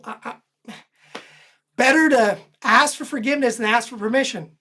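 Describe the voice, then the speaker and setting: A woman host animatedly telling a personal story, lively and self-deprecating, laughing often. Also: fairly high pitch, unhurried, long pauses, husky. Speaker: host recounting her own stories.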